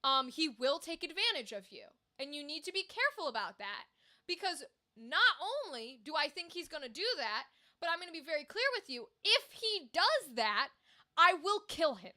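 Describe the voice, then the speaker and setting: Protective, threatening brother, voiced by a woman, bright tone. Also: high voice, sing-song, moderate pace, heavily acted. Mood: warning.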